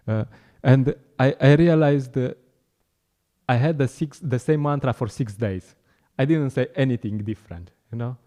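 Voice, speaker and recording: Dark-voiced man giving a chatty talk. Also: medium pitch, normal speed. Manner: chatty, laughs often, acts out street encounters. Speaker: speaker at a temple class. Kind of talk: informal talk.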